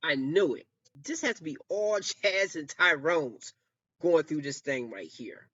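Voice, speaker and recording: Reaction host, casual rambling delivery, middle pitch, dull close dry recording. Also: lively intonation, a little slow, a bit bright, no room sound. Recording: dry muffled lo-fi mic.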